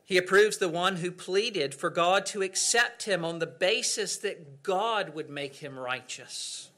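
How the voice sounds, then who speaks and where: A male pastor delivering an earnest sermon at a measured, unhurried pace. His voice is high and bright. He leans on dramatic pauses and drops from loud to hushed.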